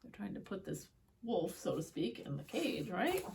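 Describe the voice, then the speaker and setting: A woman's voice: mid-range voice, sing-song, fairly quick, vocal fry, darkish tone. A woman reading picture books aloud to children, with chatty asides and questions for the young viewers. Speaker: children's story time reader.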